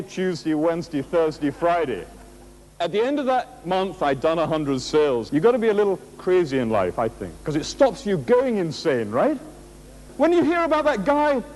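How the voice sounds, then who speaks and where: Lively high-pitched man giving a motivational talk. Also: a little hiss or hum, rough recording. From England. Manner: animated, jokey, rhetorical questions, laughs at his own stories. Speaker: motivational speaker. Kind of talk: motivational speech to an audience.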